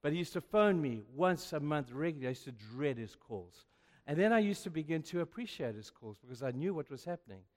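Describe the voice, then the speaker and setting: A male pastor preaching a sermon, telling stories with sudden swings between hushed and loud. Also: on the high side, expressive, a little fast. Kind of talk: sermon with storytelling. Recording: long reverb of a large hall.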